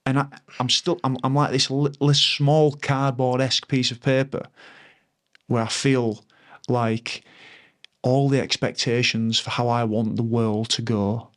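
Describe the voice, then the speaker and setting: This former rugby player, a man in his thirties, appears as a guest on a conversational podcast, his voice ordinary and middle-pitched. He sounds reflective and sincere, looping back and restarting sentences as he hunts for the right phrasing.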